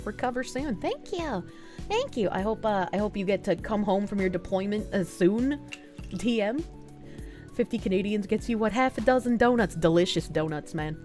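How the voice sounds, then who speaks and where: A woman livestreamer chatting casually and reading viewer messages aloud with frequent thanks, feeling sick with nausea and hiccups, often laughing. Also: mid-range voice.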